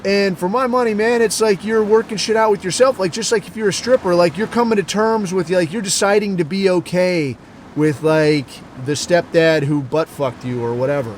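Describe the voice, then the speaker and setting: A man hosting a podcast, telling stories in a crude, rambling monologue full of swearing and deadpan asides. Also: high voice, normal speed, a little hiss or hum. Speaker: podcast host. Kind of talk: profane casual storytelling monologue.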